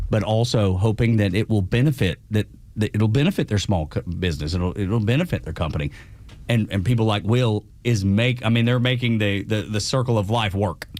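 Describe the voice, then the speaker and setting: A man's voice: fairly low pitch, darkish tone, dry recording. A man co-hosting a morning radio show, speaking in an earnest, folksy way in casual banter and a sponsor plug. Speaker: radio co-host. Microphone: studio mic.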